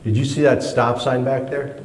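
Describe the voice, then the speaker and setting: A man's voice: medium pitch, flat delivery, normal speed, roomy sound, lightly acted. A man voicing a stern male traffic cop who asks the same question firmly again and again. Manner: firm, repetitive questioning.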